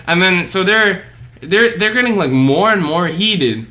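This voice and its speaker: Young guy podcast host rambling thru a story, lots of likes and restarts, bright punchy voice. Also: sits high, measured pace. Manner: animated, rambling, many fillers and restarts. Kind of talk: casual storytelling chat.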